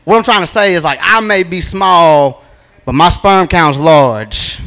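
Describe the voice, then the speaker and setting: Man, 30s, stand-up comic, high voice, drawling laid-back delivery. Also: moderate pace, fairly bright tone. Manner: laid-back drawling storytelling with punchy asides. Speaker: stand-up comedian. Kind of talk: stand-up comedy set. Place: comedy open mic stage.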